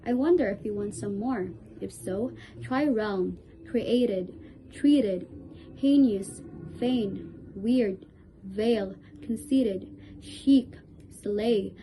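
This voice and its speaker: A woman's voice: mid-range voice, warm tone, a little hiss or hum, low-quality recording. A woman reciting a rhyming poem, carefully sounding out each word in lists.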